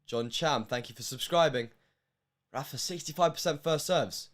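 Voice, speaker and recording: A young man from the United Kingdom commentating a match on a live stream, emotional, with hushed stretches and loud bursts. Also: mid-range voice, animated, moderate pace, over music.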